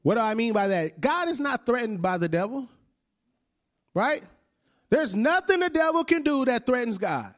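A man's voice: extremely high pitch, sing-song, normal speed. A male preacher in his thirties giving a conversational sermon, often checking in with "right?" and laughing along with the congregation.

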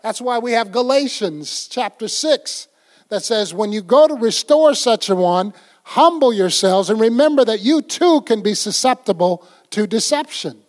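A man's voice: high-pitched, lively intonation, moderate pace. An older man preaching a folksy, conversational sermon, acting out little scenes as he goes. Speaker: pastor.

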